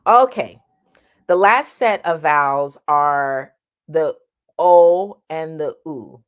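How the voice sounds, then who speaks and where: Slow, low-voiced woman teaching singing. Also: clear, resonant tone. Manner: sings vowel demonstrations between explanations. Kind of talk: vocal lesson, demonstrating vowels.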